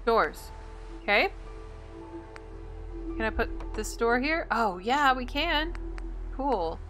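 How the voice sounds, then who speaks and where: A woman's voice: a little high, lively intonation, slow pace, fairly bright tone, soft background music. A woman hosting a gameplay video, chatting and thinking aloud in an indecisive, casual way. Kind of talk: casual let's-play commentary.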